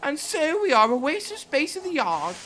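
A man's voice: very high voice, wildly swooping pitch, moderate pace, a little hiss or hum, voice pushed up, heavily acted. A man voicing a fretful female passenger coach who moans and grumbles. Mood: upset. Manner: moaning, grumbling. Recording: loud music under the voice.

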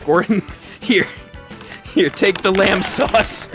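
A man's voice: high voice, slow pace, long pauses, music in the background. A young man hosting a gaming video, with goofy, joke-filled commentary and frequent laughter. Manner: goofy, laughs often, jokey asides to the viewer. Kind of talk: let's-play commentary.

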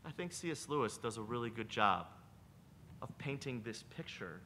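Lively, bright-voiced male pastor. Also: medium pitch, moderate pace, slight background noise. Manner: conversational, lively storytelling with book recommendations. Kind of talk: sermon.

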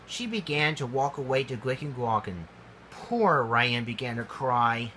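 A man reading a homemade storybook aloud, slow and halting, with grammar slips. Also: mid-range voice, expressive, sharp tone, a little hiss or hum.

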